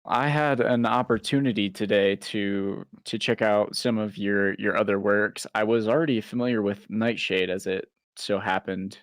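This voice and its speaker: A man's voice: on the low side, steady tone, moderate pace, hardly any pauses, no echo. A man co-hosting a casual interview, friendly, asking questions with hesitant restarts. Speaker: guest co-host.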